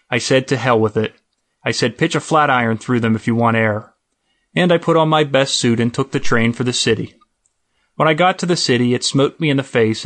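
A man's voice: medium pitch, a bit bright. A man narrating a wry first-person story in a dry, storytelling manner. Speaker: audiobook narrator. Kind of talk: scripted narration.

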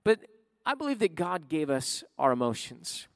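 Male pastor, sermon, conversational, fairly high voice, dry close sound. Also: big pitch swings, normal speed, creaky, no echo. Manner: conversational preaching with frequent "right?" asides.

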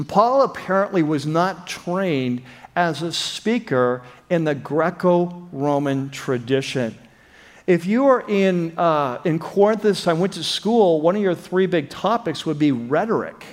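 A man's voice: high-pitched, long reverb tail. A male pastor giving an expository sermon in a casual, conversational way, full of fillers and restarts.

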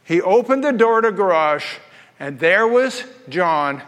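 A man with a high voice delivers a sermon as pastor, mixing scripture with lively stories and humorous asides. His voice rings out with a long reverb in a church hall. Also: a little slow.

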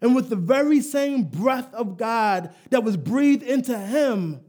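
A male preacher with a strikingly high voice delivers a live sermon. He is emphatic, swells into shouts, and leads the congregation in call and response with playful asides. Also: expressive, slow.

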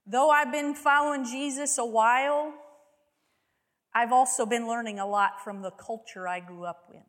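A woman's voice: a little high, moderate pace, fairly bright tone, long reverb tail. A woman preaching a sermon, telling a story vividly and often asking her listeners rhetorical questions.

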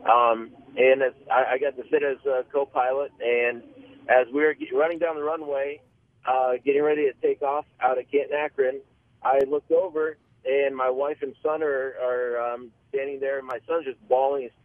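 A man's voice: medium pitch, steady tone. Earnest man calling in by phone. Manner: earnest, halting storyteller with many restarts. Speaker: caller. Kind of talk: call-in testimony. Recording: tinny phone line.

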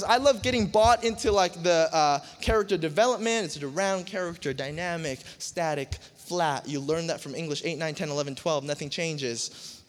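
A young man preaches to a youth crowd in a lively, joking way, breaking into acted-out scenes and sudden shouts. His voice sits high for a man. It echoes with a long reverb through a large hall. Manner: animated, joking, acts out movie scenes with shouts. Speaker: youth pastor.

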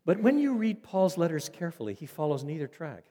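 A lively, fairly high-voiced man preaches with big swings in pitch, often tripping over repeated words as he drives his point home. His voice carries through a reverberant hall. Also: a little fast. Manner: animated, repeats words when emphatic. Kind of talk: expository sermon. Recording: echoey hall.

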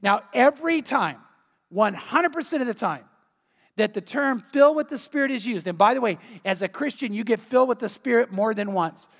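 Pastor, earnest conversational sermon, mid-pitched voice with a long hall echo. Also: lively intonation, brisk. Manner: earnest, conversational preaching with rhetorical questions.

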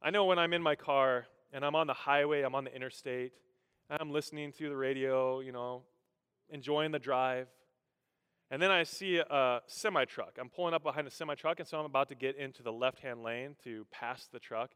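Bright-voiced pastor preaching in a hall. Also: male voice, mid-range voice, brisk, clean tone. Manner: storytelling, animated, humorous, with vocal sound effects. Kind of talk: sermon. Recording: echoey hall.

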